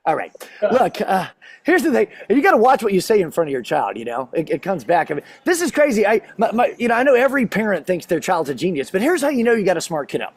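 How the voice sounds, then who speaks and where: A man's voice: high-pitched, big pitch swings, quick pace, slightly rough. A man doing a stand-up comedy set on stage, chatty and self-deprecating as he works the crowd.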